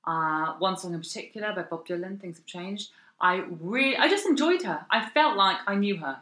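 A woman's voice: medium pitch, lively intonation, normal speed, fairly bright tone. A woman from South East London co-hosting a podcast in casual chat, wry and joking. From South East London, England. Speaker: podcast co-host. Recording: roomy echo.

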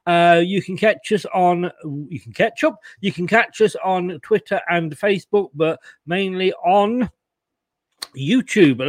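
A man's voice: high voice, dry recording. A man hosting a casual fan chat show, jokey and teasing, laughing often. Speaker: host.

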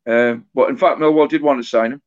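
A man in his forties, an author talking as a guest in an interview, telling a story in a halting way that often repeats words and restarts. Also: medium pitch, steady tone, darkish tone. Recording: dull lo-fi recording.

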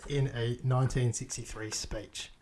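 A man's voice: medium pitch, flat delivery, measured pace, crowd noise. A man co-hosting a podcast, reading out quiz questions in a dry, teasing, laid-back way. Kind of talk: casual chat.

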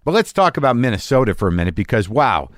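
A man's voice: mid-range voice, very animated, quick pace, no room sound, clean studio sound. A man hosting a podcast, delivering a rambling, self-deprecating and profane comic monologue. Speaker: podcast host.

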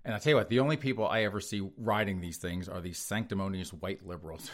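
Deep-voiced and quick, with few pauses, a man runs a podcast of sarcastic news commentary. He sneers at the headlines he reads aloud and keeps cracking himself up.

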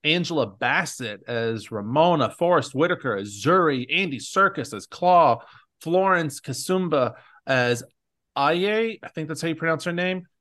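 A man's voice: a little high, lively intonation, a little slow, fairly bright tone. A man hosting a podcast in casual chat, rambling along with lots of fillers. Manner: chatty, rambling with many fillers. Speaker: podcast host.

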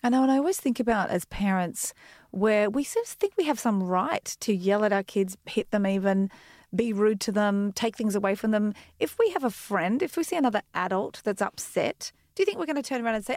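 Candid mother, gravelly voice. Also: mid-range voice, brisk, no echo, clean studio sound. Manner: candid, animated, acts out quotes. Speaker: podcast guest. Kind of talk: casual chat.

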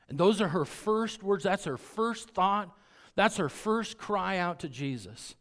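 A middle-aged man preaching a sermon as pastor, emphatic and fond of repeating key phrases, often dropping to a quiet, intense delivery. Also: on the high side, normal speed.

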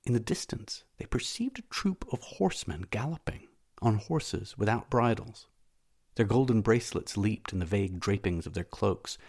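A man narrating a classic novel as an audiobook, in a measured, steady reading. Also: on the low side.

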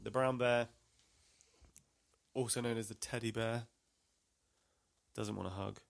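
A man's voice: medium pitch, fairly even intonation, measured pace, vocal fry. A man co-hosting a podcast, chatting casually, rambling and unsure of his facts, with dry jokes. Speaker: podcast co-host. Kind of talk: casual comedic chat.

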